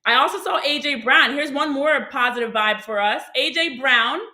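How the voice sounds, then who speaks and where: A woman co-hosting a casual sports show, upbeat and quick to laugh. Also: high voice, sharp tone, echoey room, poor audio.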